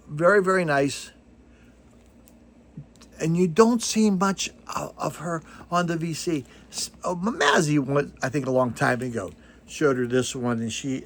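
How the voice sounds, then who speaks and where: Rambling older man, husky voice. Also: medium pitch. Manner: rambling, self-deprecating, digressive with fillers. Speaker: vinyl record channel host. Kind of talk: casual chat to camera about records.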